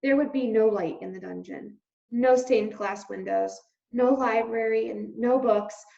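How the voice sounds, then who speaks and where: A woman teacher reading a children's novel aloud with expressive storytelling. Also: a little high, measured pace, gravelly. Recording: roomy, slightly dull recording.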